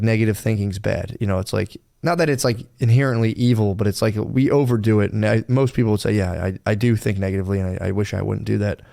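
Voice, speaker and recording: A gravelly, mellow mid-range voice marks this man co-hosting a casual podcast. He wanders through his own experiences, cursing freely and quoting himself in other voices.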